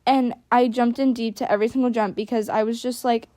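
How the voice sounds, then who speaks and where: A woman's voice: a little high, steady tone, brisk, mellow, dry recording. Chatty, self-critical young woman, dry close sound. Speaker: equestrian vlogger. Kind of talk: casual voice-over commentary.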